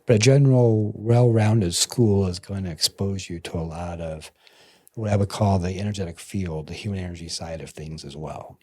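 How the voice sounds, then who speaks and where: A massage therapist and energy bodyworker tells stories as a guest in a casual interview. He's animated, acting out quotes with lively jumps in pitch, and speaks at a moderate pace in a slightly rough voice.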